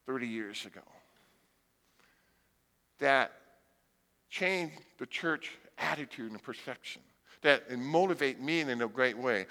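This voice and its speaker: Animated bright-voiced man preaching in a hall. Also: fairly high pitch. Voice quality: blind speaker. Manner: humorous, animated storytelling with acted-out voices. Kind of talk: sermon with storytelling.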